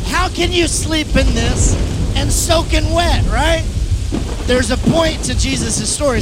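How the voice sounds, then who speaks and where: A man preaching a sermon in a very high voice, acting out the scenes of his story with energy. Heavy rain and rolling thunder sound loudly behind him. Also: heavy background noise. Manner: animated storyteller, acts out the disciples' panic. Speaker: pastor.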